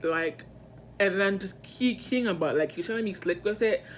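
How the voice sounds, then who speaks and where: A woman vlogger telling a personal story in casual storytime style, animated and slangy, with emphatic asides to her viewers. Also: mid-range voice, normal speed, slight background noise.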